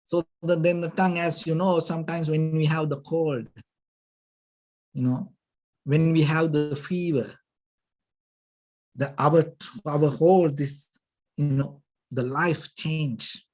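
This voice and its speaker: Slow, halting monk giving a dhamma talk. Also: male voice, on the high side, fairly even intonation, a little mellow. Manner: halting, searching for words, frequent "you know". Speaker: Buddhist monk teaching meditation.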